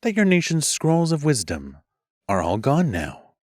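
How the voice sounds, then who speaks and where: A man's voice: medium pitch, animated, measured pace, no echo, studio quality, pitched above the performer's own voice. A man voicing a bitter female mage of music who needles sweetly and snaps back. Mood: sweetly barbed. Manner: sweetly barbed, snapping.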